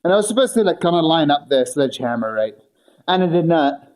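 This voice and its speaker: A man's voice: fairly high pitch, big pitch swings, fast talker, a little mellow. A man chatting casually with his viewers during a workout stream, rambling and joking as he goes. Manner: rambling, joking, talking to chat. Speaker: livestreamer. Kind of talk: casual stream chat while working out.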